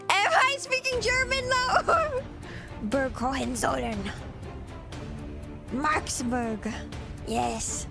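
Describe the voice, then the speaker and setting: Woman streamer, high voice, unhurried, giggly, casual reaction chat, music playing behind. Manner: giggly, sounding out place names. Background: background music.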